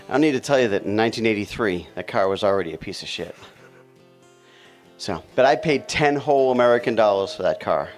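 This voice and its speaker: A musician spins a relaxed, wry anecdote. His pitch sits in an ordinary middle range. A faint trace of music hangs in the background. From Boston area. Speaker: musician guest. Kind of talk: casual storytelling.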